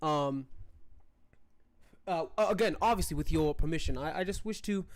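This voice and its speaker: A game master voicing a halting, flattering male courtier. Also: mid-range voice, lightly acted. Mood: courtly. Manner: halting, full of restarts and fillers. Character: smooth-talking male noble courtier, flattering and polite.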